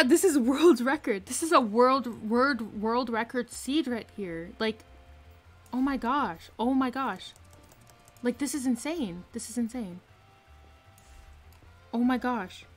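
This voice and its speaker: A woman streaming a game live from her room, excitedly commenting and repeating herself with hyped exclamations. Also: a little high. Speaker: gaming streamer.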